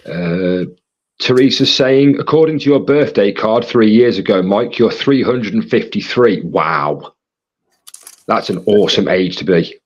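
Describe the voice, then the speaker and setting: A man with a husky, fairly low voice reads out chat comments in a rambling, casual way as co-host of a live stream. The sound is dull and lo-fi. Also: lively intonation, a little slow.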